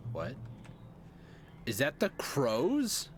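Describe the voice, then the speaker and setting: A man's voice: medium pitch, huge pitch swings, very slow. Young man, casual streamer commentary, joking, game noise under his voice. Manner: chatty, joking asides to viewers.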